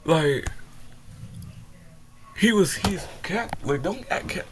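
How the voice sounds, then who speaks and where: A man's voice: sits high, expressive, takes it slowly. Young guy ranting at a clip, swears a lot, trips over words, a bit of hiss behind him. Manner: heated, swearing, rants and stumbles over words. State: sounds upset after crying. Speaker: reaction video host. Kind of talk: reaction commentary.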